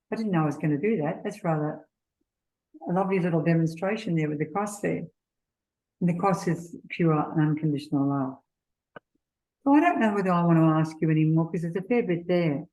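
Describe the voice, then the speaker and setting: A middle-aged woman giving a gentle, earnest faith seminar talk, sharing personal stories. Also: sits low, fairly quick, poor audio. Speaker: seminar speaker.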